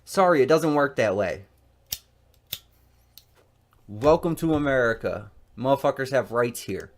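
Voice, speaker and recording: A man's voice: medium pitch, animated, a little slow, slight background noise. A man giving profane, angry reaction commentary on a video, mocking and swearing constantly.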